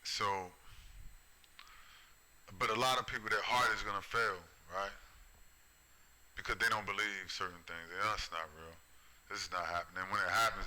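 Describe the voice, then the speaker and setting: A middle-aged vlogger with a fairly low, sharp-toned voice delivers a preachy, profane ranting monologue, full of repetition and constantly asking "right?" and "you see?". The recording is low-quality.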